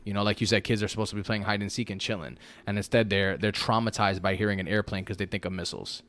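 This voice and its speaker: A man's voice: fairly low pitch, level tone, quick pace, a bit bright. A man co-hosting a podcast in casual, slang-heavy chat, often asking "you know what I mean". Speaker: podcast co-host.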